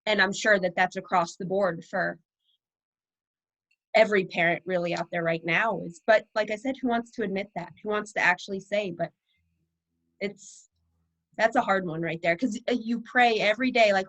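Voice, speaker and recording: A woman's voice: medium pitch, normal speed, a bit bright, rough recording. Woman on a video call, mid-range voice, frank and self-deprecating. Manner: candid, self-deprecating, laughs. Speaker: participant, mother. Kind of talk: casual group video chat.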